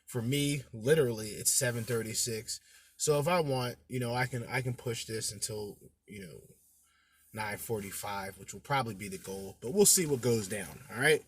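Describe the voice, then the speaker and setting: A man's voice: mid-range voice, moderate pace, fairly bright tone, slight background noise. A man hosting a podcast in a casual, brash commentary style, swearing and bantering with his listeners. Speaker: podcast host.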